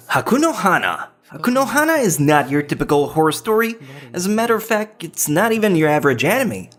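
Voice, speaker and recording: A man with a French accent hosting a countdown list in a cheeky, joking way, with some swearing. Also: on the high side. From France. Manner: cheeky, swears, teasing jokes. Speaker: anime list host. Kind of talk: scripted countdown commentary.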